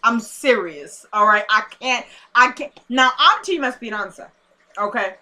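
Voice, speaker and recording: A woman reviewing a TV episode in a casual vlog, talking in an animated, sassy way straight to viewers. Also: a little high, normal speed. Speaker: TV show reviewer.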